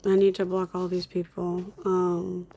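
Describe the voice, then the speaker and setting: A woman's voice: on the low side, monotone, unhurried, dark tone. A young woman ranting in a screen recording at home, upset and irritated, swearing and muttering to herself as she blocks users. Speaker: content creator. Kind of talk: angry screen-recording rant. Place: home with dogs, construction noise outside.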